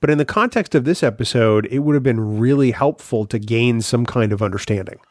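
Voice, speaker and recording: A man's voice: mid-range voice, brisk, no room sound, studio quality. A man co-hosting a podcast, talking through an episode's writing in a thoughtful, analytical way. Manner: thoughtful, analytical, with some restarts. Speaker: podcast co-host. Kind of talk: casual chat.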